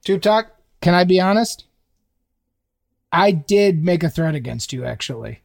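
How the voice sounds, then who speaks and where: A man's voice: sits high, animated, unhurried, vocal fry. A man co-hosting a comedy podcast, interviewing a caller in a playful, mock-serious way. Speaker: podcast co-host.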